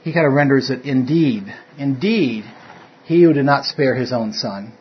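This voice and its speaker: A man leads an informal Bible study, rambling, interrupting and correcting himself, with chuckles sprinkled throughout. His mid-range voice has a breathy edge and moves at normal speed. The room recording is dull and lo-fi.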